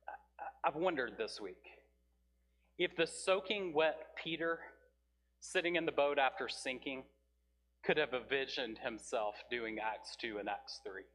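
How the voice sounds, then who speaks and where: A man's voice: mid-range voice, a little hiss or hum. Man preaching in a reverberant church. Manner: earnest, builds volume on scripture then drops soft and slow. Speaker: pastor. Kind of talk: sermon. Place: church sanctuary. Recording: reverberant hall.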